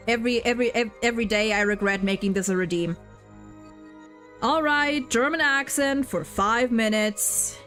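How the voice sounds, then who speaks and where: A woman's voice: on the high side, normal speed, a bit bright, faint music behind. A young woman streamer chatting casually while gaming, rambling with lots of restarts and repeated words. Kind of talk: casual gaming livestream chat.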